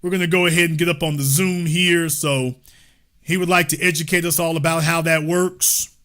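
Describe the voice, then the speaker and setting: A man's voice: fairly high pitch, little pitch movement, normal speed, a bit bright. A man hosting a political livestream, talking in a sarcastic, mocking way to his chat. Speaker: livestream political show host. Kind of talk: livestream commentary.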